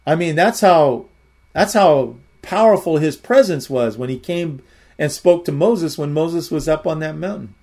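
A man with a slightly high voice shares a personal testimony from the pulpit. He speaks earnestly and rambles, restarting phrases and doubling words as he goes. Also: lively intonation, unhurried, darkish tone. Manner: rambling, repeats words often; earnest storytelling. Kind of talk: testimony sermon.

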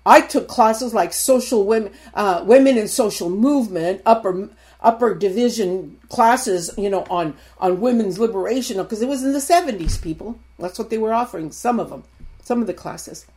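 A woman's voice: medium pitch, moderate pace, a little mellow. A woman in her sixties preaching a sermon. She speaks emphatically and repeats her points, calling out directly to the congregation.

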